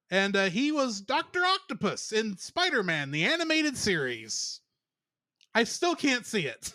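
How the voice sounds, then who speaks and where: A man's voice: high voice, sing-song, slow, long pauses, sharp tone, no room sound, clean studio sound. A man co-hosting a casual podcast, reeling off cast trivia in a chatty way and laughing often. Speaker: podcast co-host.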